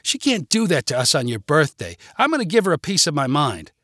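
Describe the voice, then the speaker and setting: A man voicing a loud, pushy, jealous middle-aged wife who talks insistently and indignantly. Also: a little high, wildly swooping pitch, brisk, no echo, clean studio sound, exaggerated voice.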